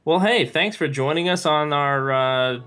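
A man hosting a podcast interview, asking halting questions full of fillers. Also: on the high side, fairly bright tone, smooth, soft background music. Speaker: podcast host.

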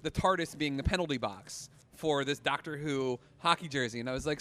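A man hosting a podcast, telling an animated story in casual chat and laughing as he talks. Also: on the high side, a little fast. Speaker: podcast host.

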